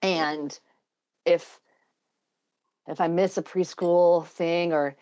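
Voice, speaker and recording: A woman with a somewhat low voice talks in earnest, thoughtful stretches that wander a little as she goes. The sound is dull and lo-fi, like a remote call. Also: fairly even intonation, extremely slow, mellow, clean tone. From Scotland. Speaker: podcast guest, engineer and math educator. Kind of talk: casual interview chat.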